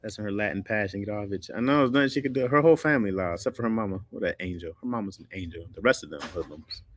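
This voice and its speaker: A man's voice: fairly low pitch, rapid-fire, no room sound. A man in his thirties chatting casually and jokingly, laughing often and acting out quotes. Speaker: streamer talking to chat. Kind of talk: casual chat.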